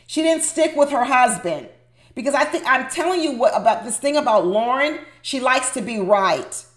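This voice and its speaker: Speaking straight to her viewers, a woman gives emphatic, opinionated recap commentary on a reality show. Her fairly high voice has lively intonation and a moderate pace, and it rings through an echoey room.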